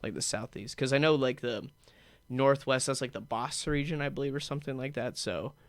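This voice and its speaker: A man's voice: medium pitch, a little fast, no room sound. A man from the San Francisco Bay Area, a comedian guest in a casual radio chat, rambling and thinking aloud with lots of fillers. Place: radio studio.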